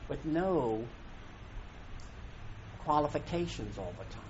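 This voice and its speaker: A man's voice: on the high side, animated, slow pace, lo-fi sound, a little hiss or hum. Emphatic man giving an inspirational talk. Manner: emphatic, preacherly, swinging loud and soft. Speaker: spiritual teacher.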